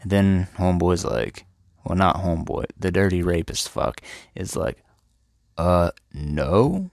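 A man with a very deep, gravelly voice retells old literature in a profane, irreverent comic style. The sound is dry and close, with no room around it. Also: lively intonation, normal speed, a little mellow, no echo. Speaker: host.

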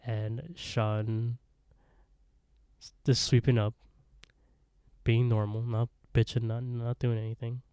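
A man's voice: mid-range voice, little pitch movement, takes it slowly, pauses often, mellow, clean tone, no echo. A man co-hosting a podcast, recapping an episode in a rambling, casual way and acting out the characters' lines with laughs. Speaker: podcast co-host.

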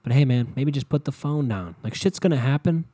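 A man's voice: a little fast, no room sound. Profane, exasperated man ranting. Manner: profane, exasperated, swings between low mutters and loud outbursts. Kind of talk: casual comedic rant.

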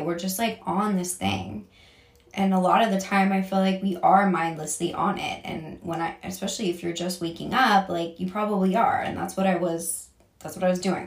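Young woman rambling thru a storytime vlog, swears a lot, gravelly voice, sounds kinda far off. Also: mid-range voice. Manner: rambling, swears often, many fillers and restarts. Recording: echoey room, a bit far from the mic.

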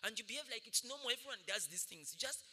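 A male pastor preaches with sharp, bright energy, his pitch leaping all over. He tells stories and laughs freely as he goes. His voice rings through a reverberant hall. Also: fast talker, husky. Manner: animated storytelling, laughing often. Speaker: senior pastor. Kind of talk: sermon.

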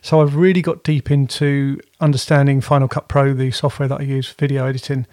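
A man's voice: mid-range voice, little pitch movement, fairly quick, darkish tone, no room sound, studio quality. A man co-hosting a podcast from home, chatting in a rambling way and often correcting himself. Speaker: podcast co-host. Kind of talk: casual chat.

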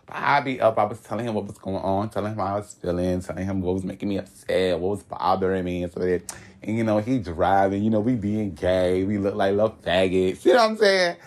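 A young man from Florida telling a story in casual chat, animated and laughing as he goes. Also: fast talker. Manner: animated and laughing, swoops high when excited. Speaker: guest telling his story.

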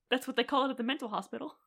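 Giggly woman recapping a show, bright voice. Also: high-pitched, creaky. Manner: giggly, quick, animated retelling. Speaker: podcast co-host. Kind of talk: casual chat recapping a TV episode.

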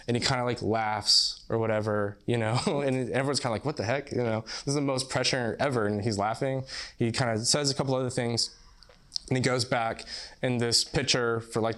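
Young guy preaching, super casual, lots of like and you know, mid pitch. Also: a bit bright. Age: young adult. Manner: casual, rambling, laughs often, says "like" and "you know". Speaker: pastor. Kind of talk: sermon.

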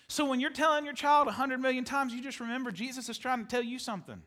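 A male pastor preaching a sermon to his congregation, animated, repeating phrases for emphasis and laughing often. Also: very high-pitched, a little fast, few pauses. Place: church sanctuary with congregation.

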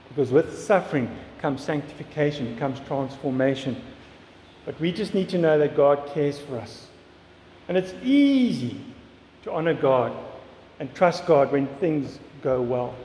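A man's voice: fairly high pitch, a little mellow, a little hiss or hum. A man preaching a sermon in an earnest way, often repeating words and asking questions. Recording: echoey hall with long reverb, faint ambience.

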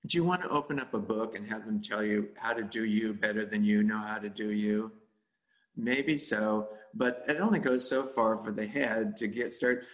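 A man's voice: fairly low pitch, normal speed, a bit bright. A man teaching meditation in a dharma talk, speaking in a rambling, conversational way with frequent chuckles.

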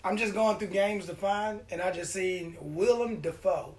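A man hosting a podcast, telling a story in a casual, profane, animated way and acting out the quotes. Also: high-pitched, moderate pace. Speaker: podcast host.

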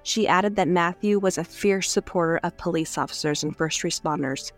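A woman's voice: fairly low pitch, normal speed, soft background music. A woman co-hosting a true crime podcast, narrating in an earnest, openly moved way. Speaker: podcast co-host.

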